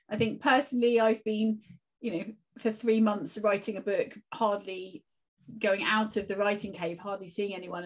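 A woman speaks as a guest teacher and author in a relaxed interview. She shares advice in a thoughtful, encouraging way, with a middle-range voice. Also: medium pitch. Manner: reflective, encouraging advice-giving. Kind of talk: casual conversational interview.

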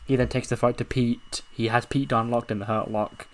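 Dude excitedly narrating his wrestling game run, swears a lot, keeps laughing, normal pitch. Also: moderate pace. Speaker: video game commentator.

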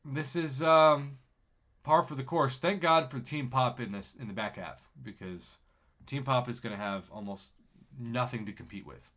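A man's voice: mid-range voice, normal speed. A man streaming a mobile game, chatting casually, laughing and reading viewers' comments aloud. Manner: excitable, laughing, reads chat aloud. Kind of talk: casual live-stream gaming chat.

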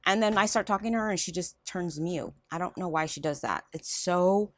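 A woman's voice: fairly low pitch, fairly quick, no room sound. A woman vlogger chatting casually about her shopping haul at home, rambling from one item to the next. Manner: rambling, chatty, lively ups and downs. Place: home room.

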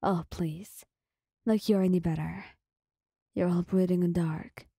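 A woman's voice: fairly low pitch, fairly even intonation, measured pace, vocal fry, dark tone, slightly rough, no room sound, clean studio sound, heavily acted. Woman whispering as a sarcastic cocky young man. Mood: scornful. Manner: scoffing, sarcastic. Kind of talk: whispered role-play.

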